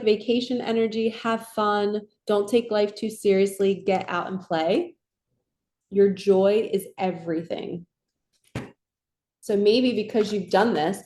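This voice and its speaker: Card reader, female, soft and reassuring, mellow tone, echoey room. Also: medium pitch. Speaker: tarot and oracle card reader. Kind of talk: casual spiritual card reading.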